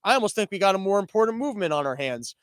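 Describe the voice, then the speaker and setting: A man hosts a comedy podcast, riffing sarcastically and often restarting his sentences. His voice sits high and sounds clean and resonant. The recording is dry, with almost no room sound. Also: very animated, very fast, smooth, dry recording. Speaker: podcast host. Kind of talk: comedic commentary on a livestreamed podcast. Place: small room that is not soundproofed.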